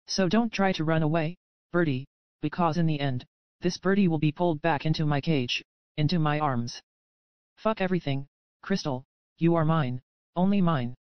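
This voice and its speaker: Possessive, controlling man read by a woman narrator, smooth, dry, slightly dull audio. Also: sits low, moderate pace, dry recording, lightly acted. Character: possessive, controlling man obsessed with his captive.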